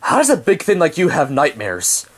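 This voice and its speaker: A man's voice: a little high, wildly swooping pitch, moderate pace, breathy edge, exaggerated voice. A man voicing a gloomy, grumpy dog who grumbles in an amateur toy drama. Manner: glum, grumbling.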